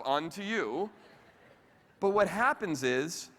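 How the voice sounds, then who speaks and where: Bright-voiced man giving a keynote. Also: a little high, fairly quick. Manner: lively, conversational, addresses audience directly. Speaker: keynote speaker. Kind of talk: motivational keynote talk. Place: convention hall with live audience. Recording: reverberant convention hall.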